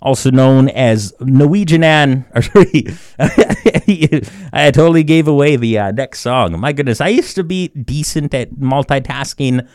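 A man hosting a community radio show, teaching words slowly and often chuckling at himself. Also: medium pitch, a little mellow, clear, resonant tone, dry recording, studio quality. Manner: chuckles often, slow deliberate word repetition. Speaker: radio host. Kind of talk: community radio language segment.

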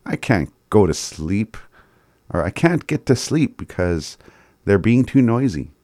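A man with a deep, low voice talks slowly through a list of phrases, pausing to think and chuckling now and then. The sound is close and dry, with no room around him. He comes across as a relaxed, hesitant teacher. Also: dry recording. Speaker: language teacher.

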